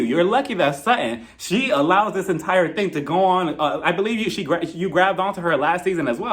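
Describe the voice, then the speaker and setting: High-pitched male reviewer, chatty and opinionated, who acts out quotes. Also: animated, fairly quick, few pauses, a bit bright. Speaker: video reviewer. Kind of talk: casual commentary vlog.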